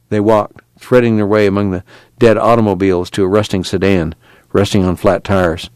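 A man's voice: lowish voice, fairly even intonation, brisk, a little mellow, clean tone, dry recording. Man reading a story aloud, dry sound. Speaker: narrator. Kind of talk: audiobook reading.

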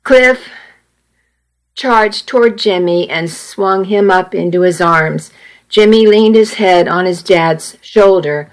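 Slow, measured woman narrating a story. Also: lowish voice, rough recording. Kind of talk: first-person audiobook narration.

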